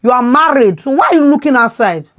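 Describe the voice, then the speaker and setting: A Nigerian-accented woman in her thirties delivers impassioned opinion talk as a podcast host. Her somewhat high voice rises and falls a great deal, and she talks loudly and expressively. She often doubles back on words as she drives her point home. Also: fast. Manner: emphatic, repeats words when worked up; loud, expressive way of talking.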